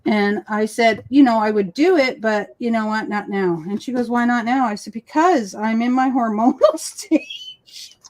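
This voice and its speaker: Chatty woman, lively and animated. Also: on the high side, unhurried. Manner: chatty and animated, acts out quoted exchanges. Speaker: co-host of a crafting livestream. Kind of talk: casual chat. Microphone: video call.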